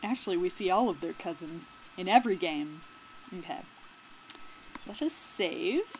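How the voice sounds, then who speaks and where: A woman's voice: fairly low pitch, animated, unhurried, a little mellow, a little hiss or hum, rough recording. A young woman hosting a let's play, chatting casually with sarcastic asides. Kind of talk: casual game commentary.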